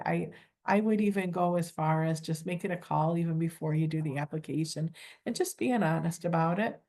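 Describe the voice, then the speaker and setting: A woman in middle age with a somewhat low voice explains volunteer screening in an online training session. She talks loosely and humbly, full of everyday fillers. She often acts out her own calls with applicants. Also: a little fast, a little mellow. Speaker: volunteer coordinator. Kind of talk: training webinar talk.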